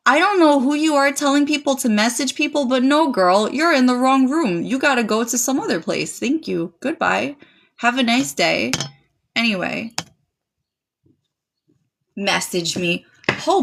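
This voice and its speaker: A woman's voice: medium pitch, a bit bright. A woman streaming a live tarot reading, chatting casually and dramatically, pouring thanks on her viewers. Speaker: livestream tarot reader.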